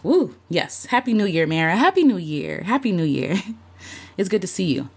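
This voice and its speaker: A woman's voice: on the low side, big pitch swings, moderate pace, darkish tone, slightly rough. Emotional woman hosting a casual livestream. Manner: heartfelt, talks openly with lots of fillers and "like"; greets and thanks viewers in the chat by name. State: emotional, near tears at times. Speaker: content creator hosting a livestream. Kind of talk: casual live-stream chat reflecting on the year.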